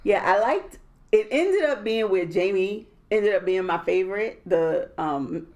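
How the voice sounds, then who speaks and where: A woman's voice: mid-range voice, expressive, unhurried, darkish tone. A woman co-hosting a casual podcast chat, blunt and opinionated. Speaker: podcast co-host.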